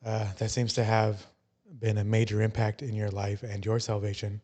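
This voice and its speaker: Male podcast host, low monotone, warm dark tone, casual and meandering. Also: moderate pace. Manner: loose, searching phrasing with fillers. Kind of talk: casual interview.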